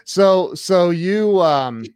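A man hosting an interview, asking hesitant, curious questions. His slightly high voice swoops up and down a lot, and he takes his time between words. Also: animated, drawn-out words, darkish tone, smooth, no room sound. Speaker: podcast host. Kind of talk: interview conversation.

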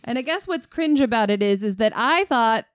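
A woman's voice: a little high, animated, a little fast, dry recording, clean studio sound. A young woman co-hosting a podcast, wryly poking fun at herself. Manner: self-mocking, counts points off. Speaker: podcast co-host. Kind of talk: casual chat.

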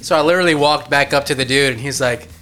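Bright-voiced laid-back man saying "dude". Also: mid-range voice, quick pace, clean tone. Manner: laid-back, says "dude" a lot, swears. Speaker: podcast co-host. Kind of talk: casual chat.

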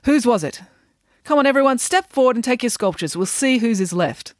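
A woman's voice: a little high, lively intonation, fairly quick, no room sound, studio quality, voice pushed up, lightly acted. A woman voicing a grumpy, vain male art teacher who talks in a brusque, dismissive way, read in a storybook. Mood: gruff.

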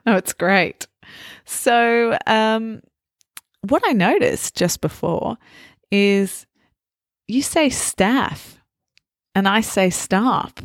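A woman from Australia hosting a podcast, chatting casually, curious and quick to laugh. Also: on the high side, no echo, studio quality. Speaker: podcast host. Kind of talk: casual chat.

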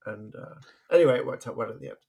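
A man's voice: medium pitch, racing, vocal fry, mellow, breathy edge. A man, co-hosting a podcast, telling stories in a chatty way and laughing often. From England. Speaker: podcast co-host. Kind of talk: casual podcast chat.

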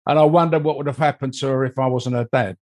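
An older man talks through a long personal anecdote in a conversational, meandering way, dropping in "you know" as he goes. His voice sits at an ordinary middle pitch for a man. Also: steady tone, fast. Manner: rambling, anecdotal, frequent "you know" asides. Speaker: interview guest, mold investigator. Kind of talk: conversational storytelling.

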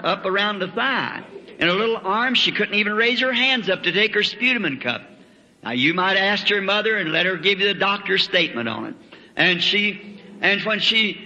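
A man's voice: sits high, sharp tone. A man preaching a sermon, telling a testimony in a folksy storytelling way with rural grammar. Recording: old lo-fi hall recording with long reverb.

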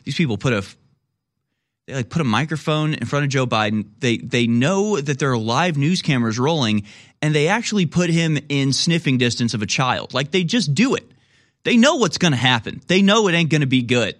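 A man's voice: mid-range voice, lively intonation, fairly quick. Sarcastic, rambling male commentary host.

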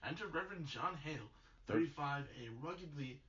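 Young man reading stage directions flatly. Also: a little high, brisk, crowd noise. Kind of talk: casual play read-through, reading stage directions. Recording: dull lo-fi audio.

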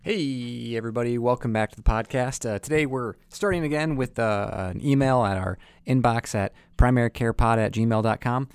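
A man's voice: mid-range voice, moderate pace, few pauses, clean tone, dry recording. A man hosting a medical podcast as a family physician, chatting casually in a dry, self-mocking way with frequent fillers. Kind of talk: casual podcast chat, reading a listener joke. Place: home desk. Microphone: desk podcast mic.

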